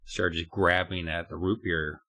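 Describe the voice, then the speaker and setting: A man's voice: sits low, little pitch movement, measured pace, bright, forceful tone. A man co-hosting a podcast in casual chat, joking wryly with plenty of swearing. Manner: wry, profane joking. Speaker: podcast co-host.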